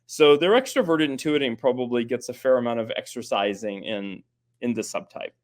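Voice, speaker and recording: A man in his forties speaks as an invited expert in easy conversation. He thinks aloud, trailing off and restarting with plenty of fillers, at an ordinary medium pitch. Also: brisk. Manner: thoughtful, many fillers and restarts. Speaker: guest expert on personality types. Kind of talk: conversational explanation.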